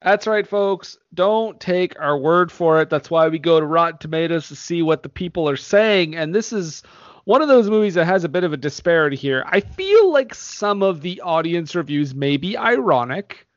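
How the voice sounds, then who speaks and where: A man's voice: on the high side, lively intonation, normal speed, no echo, muffled recording. A man hosting a casual movie podcast, laughing often as he reads reviews aloud. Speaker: podcast host.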